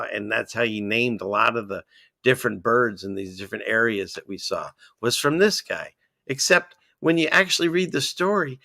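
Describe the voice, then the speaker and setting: Gravelly, bright-voiced rambling man. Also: medium pitch, no room sound, clean studio sound. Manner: excitable, rambling, jumps between topics. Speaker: livestream host. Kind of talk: casual chat reading viewer comments.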